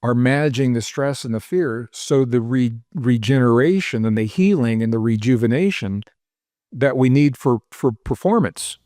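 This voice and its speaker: A man's voice: mid-range voice, animated, normal speed, mellow, dry recording, clean studio sound. A man who is the guest on a podcast interview, explaining ideas in an earnest, step-by-step way and listing example after example. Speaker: author and researcher guest.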